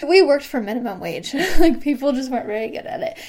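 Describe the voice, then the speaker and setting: A woman in her thirties hosting a casual solo podcast, bubbly and quick to laugh. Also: high voice. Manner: bubbly, laughs often, acts out quoted excited voices. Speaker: podcast host.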